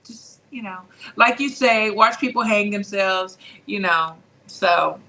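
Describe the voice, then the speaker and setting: Bright-voiced woman hosting boxing chat. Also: mid-range voice, slow pace, rough recording. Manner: conversational, reads out viewer comments. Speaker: host. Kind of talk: casual boxing talk show.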